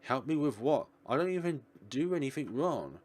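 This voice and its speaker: A man's voice: mid-range voice, lively intonation, fairly quick, natural voice. A man voicing a nervous male suspect under police questioning, who speaks defensively and pleads his innocence. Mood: agitated.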